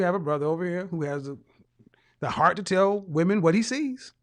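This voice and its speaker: A man's voice: sits high, lively intonation, a little fast. Mocking man hosting a live stream. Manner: mocking, teasing rhetorical questions, bursts of laughter. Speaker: host reading viewer comments.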